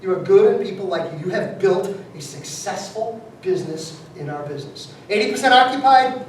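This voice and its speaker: A man giving an emphatic motivational seminar talk, repeating key numbers and quizzing his audience. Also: high-pitched. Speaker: business seminar speaker. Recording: very echoey room, mic far off, faint noise.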